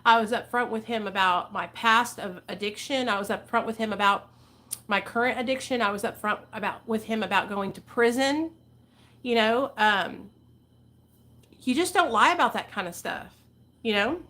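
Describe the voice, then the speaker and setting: A candid woman hosting her own channel in a loose, rambling chat, cursing as she goes. Her voice sits a bit high and has a bright, forceful edge. She sounds like she is in her forties. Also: normal speed. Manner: candid, rambling, swears freely. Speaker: channel host. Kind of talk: casual livestream chat.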